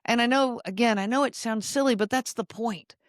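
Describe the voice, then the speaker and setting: A middle-aged woman hosting an advice podcast, who explains things calmly and often checks in with the listener. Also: fairly high pitch, fairly quick, no echo, clean studio sound. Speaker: podcast host.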